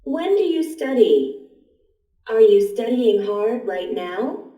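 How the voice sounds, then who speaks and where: A woman reading example questions from textbook audio in a clear, deliberate way. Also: fairly high pitch, sing-song, mellow. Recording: textbook audio played in an echoey room from far off.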